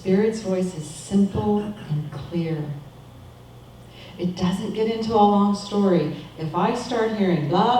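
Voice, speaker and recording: A middle-aged woman giving a calm, measured, reflective sermon as a minister. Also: mid-range voice, recorded from a distance, slight background noise. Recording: echoey room, voice from off-mic.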